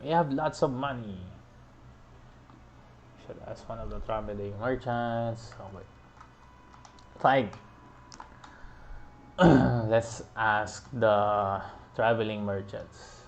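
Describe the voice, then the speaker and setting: A man giving relaxed, chatty commentary as he plays through a video game, often laughing. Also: on the low side, slow, pauses often, slight background noise. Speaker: gaming podcast host.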